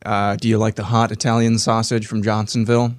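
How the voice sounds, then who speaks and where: A man's voice: lowish voice, little pitch movement, quick pace, dry recording. A man co-hosting a radio show, chatting casually and easygoing in the studio.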